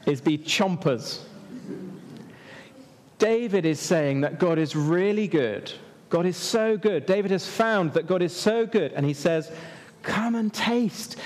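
A man preaching to children in a church hall, lively and asking the kids questions. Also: a little high. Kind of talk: children's sermon. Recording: echoey hall.

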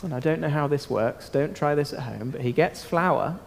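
A man leading an interactive Bible talk for children, asking them questions and using dramatic pauses. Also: on the high side, expressive, gravelly. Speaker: children's talk leader at church. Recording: long hall reverb.

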